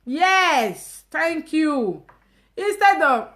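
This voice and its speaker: Loud high-pitched woman ranting in Nigerian Pidgin. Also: expressive, unhurried. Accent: Nigerian Pidgin English. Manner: emphatic, mocking, swings between loud outbursts and low asides. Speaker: live-stream host. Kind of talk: animated casual rant.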